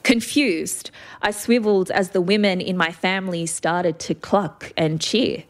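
A woman's voice: fairly low pitch, fairly even intonation, a little slow. A woman reading a first-person story aloud with vivid expression.

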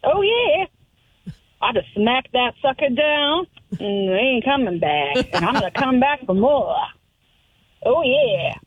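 A woman on a phone line voicing a boastful female wrestler with a put-on southern drawl, shouting drawn-out brags. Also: sits high, sing-song, slightly rough, dry recording, heavily acted.

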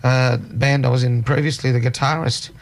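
A man's voice: medium pitch, steady tone, normal speed, gravelly. A man hosting a casual chat show, with easygoing, joking banter. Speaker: host.

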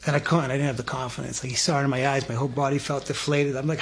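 A man's voice: mid-range voice, little pitch movement, very fast, fairly bright tone, slightly rough. A man, a guest telling a personal story with lots of energy, stammering restarts and acted-out dialogue. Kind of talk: animated storytelling.

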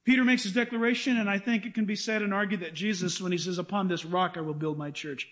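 A pastor preaching an animated sermon, acting out quotes and asking the congregation questions. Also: male voice, sits high, quick pace, few pauses.

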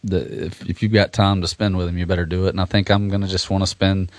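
A man talking casually as a guest musician on a radio show, relaxed and rambling with restarts. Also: low voice, fast, dry recording.

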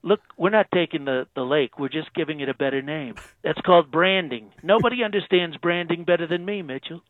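A man's voice: fairly high pitch, a little fast, no echo, lightly acted. A man doing an impression of a boastful male president, calling in by phone, bragging and repeating phrases for emphasis. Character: boastful brash male president, self-praising. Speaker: phone-in guest. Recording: tinny phone line.

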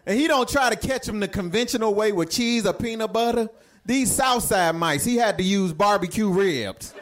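A man's voice: high-pitched, normal speed, fairly bright tone. A man doing a stand-up comedy set, telling jokes in a laid-back, vernacular storytelling manner.

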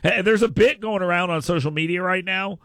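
This talk radio host speaks in a high, fairly bright voice at a fairly quick clip, with no echo. He jokes around and makes mock proclamations in casual banter, restarting often, into a studio microphone.

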